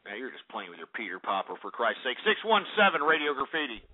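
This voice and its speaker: A man's voice: mid-range voice, very animated, fast talker. A male call-in radio host, brash and profane, out of breath, mocking his callers. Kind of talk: crude comedic call-in radio. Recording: tinny phone-line radio with faint music.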